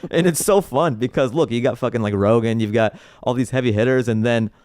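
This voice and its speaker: A man's voice: medium pitch, brisk, no room sound, clean studio sound. A man who is a comedian guest, telling stories in casual podcast chat and laughing often. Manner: animated storyteller, laughs often.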